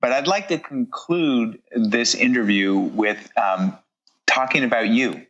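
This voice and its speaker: A man's voice: medium pitch, takes it slowly, fairly bright tone, lo-fi sound. A man being interviewed as a guest, talking in an upbeat, enthusiastic way with frequent fillers. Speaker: guest runner. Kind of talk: casual interview chat.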